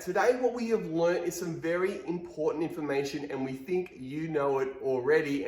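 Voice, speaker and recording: Male marketing trainer, upbeat and motivational, fairly high voice, roomy echo. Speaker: social media marketing trainer. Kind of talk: presentation to a live event audience.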